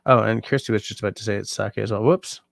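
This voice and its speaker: A sleepy, yawning man hosting a livestream, chatting casually and reading out viewer comments in a relaxed, rambling way. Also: fairly low pitch, quick pace, creaky, no room sound. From Canada. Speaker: livestream host.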